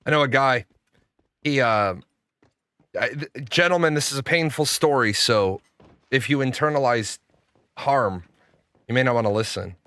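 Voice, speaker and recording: A man's voice: mid-range voice, normal speed, pauses often, fairly bright tone, clean tone, no room sound. Profane, stammering man chatting on stream. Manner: profane, storytelling with frequent stammers and restarts. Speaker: gaming streamer. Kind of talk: casual stream chat.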